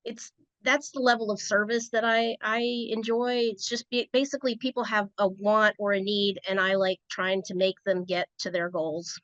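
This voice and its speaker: A woman's voice: mid-range voice, flat delivery, moderate pace, a bit bright, dry recording. A woman from Rhode Island, a podcast guest, telling stories in a chatty, casual way. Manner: chatty, storytelling. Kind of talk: casual interview chat. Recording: dry, dull lo-fi sound.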